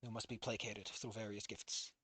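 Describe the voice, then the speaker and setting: A woman's voice: very deep voice, little pitch movement, moderate pace, fairly bright tone, husky, no room sound. A woman reacting to a story she is reading, casual and exasperated, swearing often and voicing her frustration. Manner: exasperated, emotional, swears a lot. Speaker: fan fiction reader and reactor.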